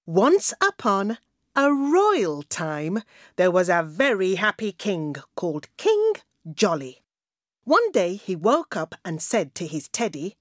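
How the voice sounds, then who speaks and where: A woman reading a rhyme and a story aloud for young children, in an expressive, sing-song manner. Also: medium pitch, takes it slowly, no room sound, studio quality.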